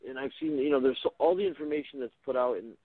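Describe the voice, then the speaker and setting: A man, himself a radio host, talking casually as a guest, halting and full of "you know" and restarts. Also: mid-range voice, slightly rough, no room sound. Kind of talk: casual call-in conversation. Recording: tinny phone line.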